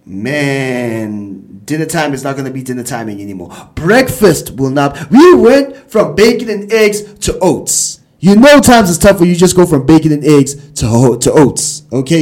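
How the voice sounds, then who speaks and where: A man talks through the day's headlines in a loose, chatty way. He repeats phrases as he thinks and laughs easily, and his voice sits a bit high for a man. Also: darkish tone. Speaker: show host. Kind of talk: casual news chat.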